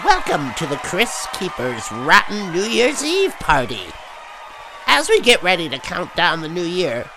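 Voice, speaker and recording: A man putting on a gleeful, grotesque horror-host emcee voice, with a theatrical, shouting delivery. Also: high voice, noisy background, heavily acted. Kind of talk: comic horror-host monologue.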